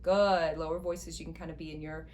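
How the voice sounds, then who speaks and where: A woman's voice: low voice, fairly even intonation, fairly quick, over loud music. A woman voice teacher giving an instructional singing lesson, guiding step by step with encouragement.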